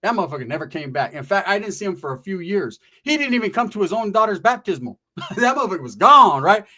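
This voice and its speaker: A man's voice: high voice, very animated, fast talker, sharp tone. A middle-aged man casually telling a profane, streetwise story from his past, often tagging his lines with "right?".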